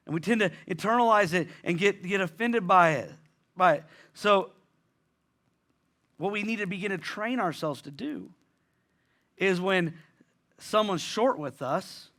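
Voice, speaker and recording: A man's voice: high voice, sharp tone. A male pastor, preaching a sermon in a conversational way, acting out inner voices and repeating lines for emphasis.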